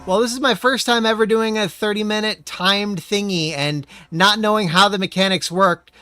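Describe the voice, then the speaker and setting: A man streaming a racing game, commenting as he plays with constant profanity, exasperated ranting and sudden yelled outbursts. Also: high voice, moderate pace, dry recording, soft background music. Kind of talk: live gameplay commentary.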